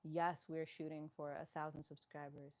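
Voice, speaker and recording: A woman's voice: low voice, level tone, normal speed. A woman from New York, a fitness live-stream host, chatting casually as she reads viewer comments aloud and answers them.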